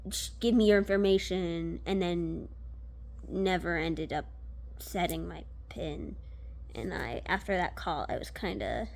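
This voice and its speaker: A young woman telling a personal story in a casual, animated way, full of fillers, restarts and swearing. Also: mid-range voice. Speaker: vlogger.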